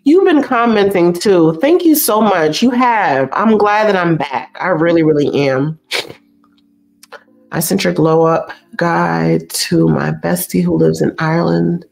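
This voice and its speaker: A woman's voice: on the low side, a little slow, vocal fry, a little mellow. A young woman hosting a casual livestream, chatty and effusive, reading and answering comments as she goes and repeating herself for emphasis. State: teary, stuffy nose. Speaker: YouTube host reading live chat.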